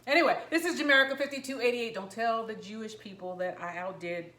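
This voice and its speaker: A woman vlogging about home cooking, chatting excitedly and rambling while she tastes and eats her food. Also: a little high, fast talker, roomy sound. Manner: talking while eating, mouth full. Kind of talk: casual cooking vlog, tasting on camera.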